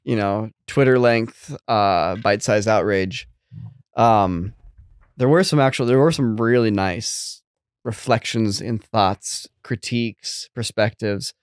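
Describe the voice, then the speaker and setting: A man's voice: on the low side, slow pace, smooth, dry recording, studio quality. A man in his thirties co-hosting a podcast in casual chat, rambling with lots of fillers. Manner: rambling, many fillers and restarts. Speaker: podcast co-host.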